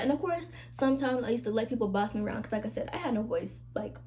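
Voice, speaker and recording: A woman's voice: fairly high pitch, fast, mellow. A young woman vlogger talking casually and emphatically to her camera, with plenty of asides to her viewers. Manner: chatty, emphatic, many "like" and "y'all" asides. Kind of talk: casual confessional chat to camera.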